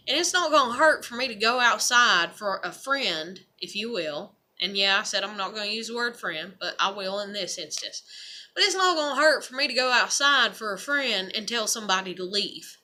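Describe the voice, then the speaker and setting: Bright-voiced rambling woman vlogger. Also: a little high. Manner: rambling, heavy with fillers and profanity; earnest, self-reflective. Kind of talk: casual personal monologue.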